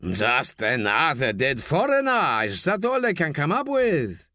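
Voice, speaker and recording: A man doing a loud, jeering village drinker. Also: fairly high pitch, wildly swooping pitch, unhurried, dry recording, studio quality, exaggerated voice. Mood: mocking.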